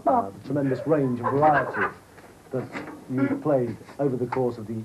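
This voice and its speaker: A man's voice: mid-range voice, moderate pace. A man, a TV presenter, doing a location interview in wordy, repeating phrases. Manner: wordy, repeating himself, speeding up when interrupted. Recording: noisy location recording.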